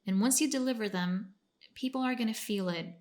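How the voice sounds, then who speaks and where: A woman's voice: a little high, brisk, darkish tone. A young adult woman, a singer, chatting expressively as an interview guest, with many fillers. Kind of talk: casual video-call interview.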